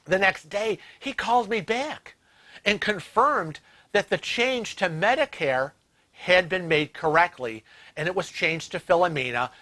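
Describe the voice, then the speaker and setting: A man's voice: fairly high pitch, bright, forceful tone. Indignant man retelling a story. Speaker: host. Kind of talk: storytelling vlog.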